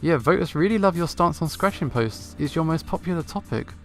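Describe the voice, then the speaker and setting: A man's voice: on the high side, expressive, a little fast, faint music behind. A man voicing an upbeat female cat campaign manager, reading her lines in a chipper, encouraging way in his own voice. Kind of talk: visual novel voice-over reading.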